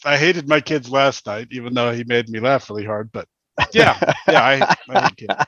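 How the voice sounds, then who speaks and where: A man's voice: mid-range voice, normal speed, pushed and bright, no room sound, highs cut off. A man in his thirties co-hosting a podcast, chatting casually and telling stories bluntly, with restarts. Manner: blunt, storytelling, rambling with restarts. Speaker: podcast co-host. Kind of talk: casual chat.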